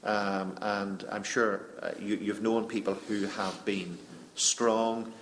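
Low-voiced earnest moderator, a man. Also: level tone, a bit bright, slight background noise. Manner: reflective, earnest, halting. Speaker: panel moderator. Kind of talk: panel discussion.

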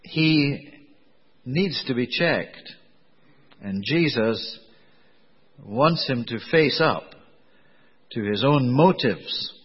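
A man preaching a sermon in a conversational, digressive way, with a slightly husky voice. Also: medium pitch. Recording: dull lo-fi recording in a reverberant hall.

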